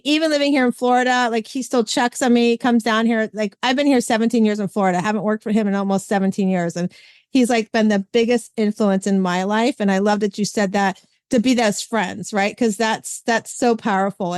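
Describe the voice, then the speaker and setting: A woman hosting a podcast, chatting casually and retelling stories with lively quoted voices. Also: medium pitch, fairly quick, clean tone, dry recording, studio quality. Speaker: podcast host. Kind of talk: casual chat.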